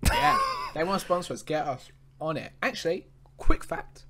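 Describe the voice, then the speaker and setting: Easygoing man co-host, pitch bouncing up and down, laughs a lot. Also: huge pitch swings, moderate pace, bright, forceful tone, slight background noise. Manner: laid-back, laughs easily. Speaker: podcast co-host. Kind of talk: casual chat.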